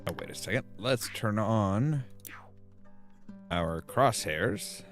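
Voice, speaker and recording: A man's voice: on the low side, lively intonation, slow, faint music behind. A man casually commenting while playing a game, rambling and restarting his sentences often. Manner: rambling, self-interrupting, frequent restarts. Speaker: gameplay video host.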